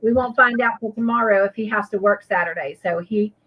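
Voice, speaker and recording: A woman's voice: mid-range voice, fairly quick, dull audio. A woman, co-hosting a casual crochet livestream, rambling earnestly with many fillers and restarts. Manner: earnest and grateful.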